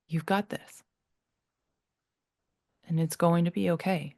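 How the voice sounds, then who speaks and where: A woman with a low-pitched voice hosts her own solo podcast. She speaks earnestly and reassuringly, often halting and starting her sentences over. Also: fairly even intonation, gravelly, darkish tone. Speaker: podcast host. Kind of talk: heartfelt solo podcast talk.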